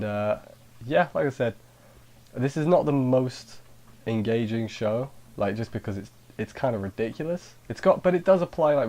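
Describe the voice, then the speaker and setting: A man with a somewhat low voice talks through an anime review in a loose, rambling way. He often breaks off mid-sentence and restarts, and he slips in dry, sarcastic asides. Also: darkish tone. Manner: rambling, sarcastic, self-interrupting. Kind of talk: casual spoken review.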